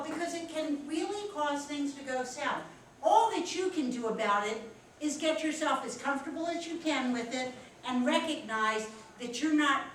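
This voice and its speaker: A woman with a Philadelphia accent teaching a professional etiquette class, animated and encouraging as she talks with her students. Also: sits high, recorded from a distance, slight background noise. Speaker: instructor. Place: large echoey classroom. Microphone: distant room mic. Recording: echoey room recorded from afar.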